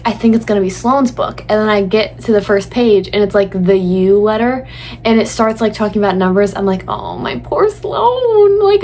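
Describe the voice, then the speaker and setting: A young woman chatting excitedly and casually in a reading vlog. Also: medium pitch, a little hiss or hum. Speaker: book vlogger. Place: indoors at home.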